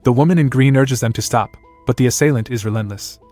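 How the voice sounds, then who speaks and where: A man narrating a comic story recap in a scripted, even storytelling read. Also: medium pitch, fast, faint music behind.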